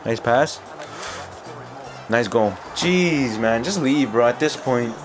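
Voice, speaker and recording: A young man giving excited live commentary while playing a football video game, cheering his players and laughing often. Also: medium pitch, takes it slowly, music in the background. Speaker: gaming YouTuber.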